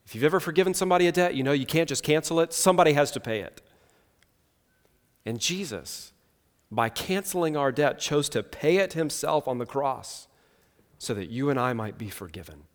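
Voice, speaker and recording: A man preaching a sermon in an earnest, measured way, slowing down for emphasis. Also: on the high side, lively intonation. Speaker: pastor. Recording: long hall reverb.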